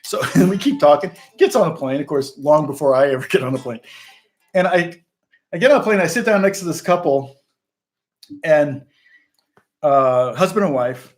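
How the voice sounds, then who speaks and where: A man's voice: on the high side, lively intonation, normal speed, long pauses. Chatty man rambling through a story. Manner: rambling, self-interrupting, laughs often. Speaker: channel host, musician. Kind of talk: casual storytelling livestream.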